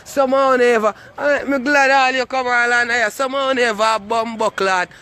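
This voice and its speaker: Brief: Jamaican man, very high bright voice, swaggering, crude, taunting his online critics. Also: fairly even intonation, normal speed, clear, resonant tone. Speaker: comic vlogger. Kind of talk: boastful comic rant to camera.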